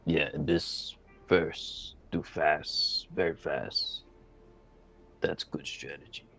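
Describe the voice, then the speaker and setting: A man's voice: fairly even intonation, takes it slowly, a bit bright, soft background music, heavily acted. A man voicing a blunt, beast-like male warrior in a tabletop game, growling in short, broken phrases. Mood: gruff. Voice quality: deep gravelly growl, broken terse phrasing. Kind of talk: in-character tabletop roleplay.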